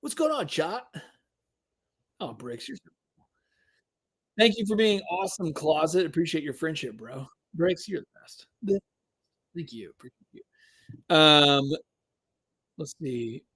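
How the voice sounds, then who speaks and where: A man's voice: fairly high pitch, expressive, unhurried, long pauses, fairly bright tone, breathy edge. A man hosting a live stream giveaway, chatting to viewers and drawing out the suspense. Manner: hypes and drags out suspense, talks to chat.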